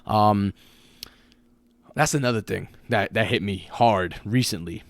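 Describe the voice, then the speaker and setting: A man's voice: fairly low pitch, unhurried, no echo. Slangy New man in his twenties. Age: 20s. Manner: animated storyteller, slangy, acts out friends' voices. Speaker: podcast co-host. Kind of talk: casual chat.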